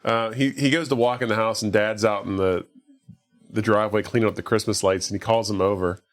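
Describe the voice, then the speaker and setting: A man's voice: fairly low pitch, steady tone, fairly quick. Casual rambling male podcast host. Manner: rambling, lots of "like", acts out quotes. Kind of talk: casual movie recap chat.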